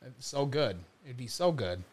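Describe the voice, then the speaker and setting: A man's voice: medium pitch, lively intonation, normal speed, darkish tone. A man hosting a podcast, joking and bantering crudely while watching a movie. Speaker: podcast host. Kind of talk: casual movie commentary chat.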